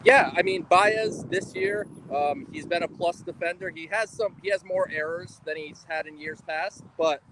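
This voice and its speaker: A man with a somewhat high voice chats loosely about baseball, thinking aloud as he goes. He is outdoors in a parking lot, with faint wind and traffic behind him. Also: normal speed, hardly any pauses. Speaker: podcast co-host. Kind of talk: casual sports talk.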